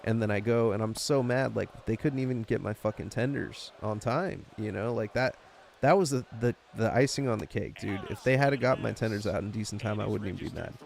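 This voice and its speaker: A man's voice: fairly low pitch, a little fast, vocal fry, darkish tone, slight background noise. A young man co-hosting a podcast, telling a long story in casual profane chat with plenty of swearing and filler. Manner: rambling storyteller, swears a lot. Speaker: podcast co-host.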